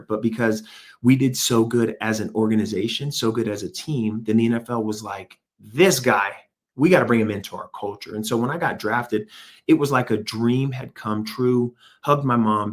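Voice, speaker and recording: A middle-aged man, a former pro football player, telling his story in an interview with an emphatic, motivational manner. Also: medium pitch. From United States. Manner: emphatic, motivational, quotes himself and others. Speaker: guest, former NFL player and speaker.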